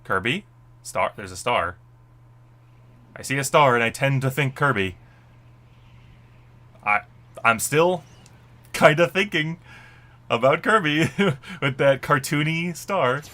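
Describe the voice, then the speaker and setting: A man streaming a live reaction, excitable and emotional, swinging from muttered guesses to shrieking and crying with joy. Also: mid-range voice, takes it slowly, pauses often.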